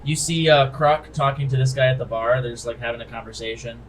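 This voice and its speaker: A man's voice: medium pitch, completely flat delivery, fast, slight background noise, poor audio. A young man narrating as game master, casual and filled with ums and likes.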